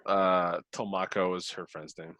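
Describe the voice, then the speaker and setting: A man in a casual book club chat who speaks haltingly, searching for his words. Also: low-pitched, little pitch movement, fairly bright tone, dry recording, highs cut off.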